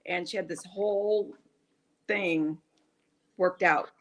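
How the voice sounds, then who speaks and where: A woman's voice: on the low side, fairly even intonation, takes it slowly. Woman, middle-aged, livestream co-host, chatty, casual. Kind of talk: casual chat.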